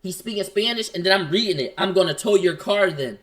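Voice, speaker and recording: A man telling a story in casual slang, acting out both sides of an argument in quick quoted lines. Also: high-pitched, a bit bright.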